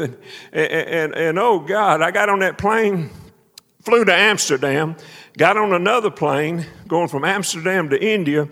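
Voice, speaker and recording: A man preaching a sermon as a folksy, animated story, shouting praise and laughing along the way. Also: fairly high pitch, measured pace. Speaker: preacher and minister of missions. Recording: echoey hall.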